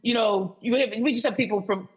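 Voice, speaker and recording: A woman's voice: fairly high pitch, fairly quick, breathy edge, rough recording. Chatty woman, rambling with many fillers. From United States, raised as military kid. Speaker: guest, film producer and director. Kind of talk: casual interview conversation.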